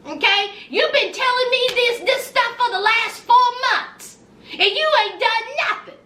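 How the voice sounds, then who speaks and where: A woman's voice: extremely high pitch, unhurried, sharp tone, roomy sound, distant mic, slight background noise. A woman vlogger giving a sassy, gossipy recap of a reality show, talking straight to her viewers.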